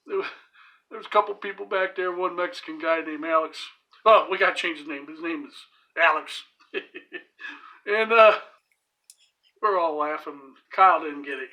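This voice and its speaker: A man with a bright, forward voice tells a rambling, vulgar anecdote in a home cooking vlog. He swears freely and laughs his way through it. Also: high voice. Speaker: home cooking channel host. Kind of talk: crude storytelling while cooking.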